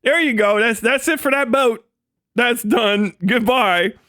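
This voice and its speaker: A man's voice: extremely high pitch, a little slow, bright, forceful tone. A man streamer ranting live, profane and mocking, often breaking into laughter as he riffs and acts out quoted voices. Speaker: livestreamer. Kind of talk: live stream commentary rant.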